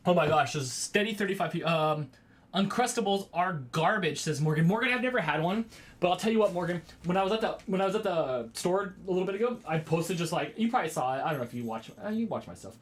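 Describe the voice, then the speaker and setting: A man in his thirties with a fairly high voice, chatting loosely with his viewers on a livestream from home. He rambles from one thing to the next and breaks into excited exclamations. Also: fast talker. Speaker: vlogger hosting a livestream. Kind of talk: casual livestream chat with viewers.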